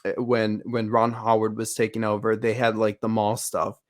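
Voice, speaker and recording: A man's voice: fairly low pitch, monotone, moderate pace. A man co-hosting a fan podcast in casual chat, rambling with frequent restarts and fillers. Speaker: podcast co-host.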